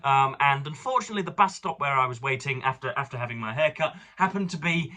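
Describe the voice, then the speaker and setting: A man's voice: mid-range voice, lively intonation, fast talker, bright, forceful tone. A young man from England rambling through a casual book vlog, digressive and fond of elaborate words. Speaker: book reviewer.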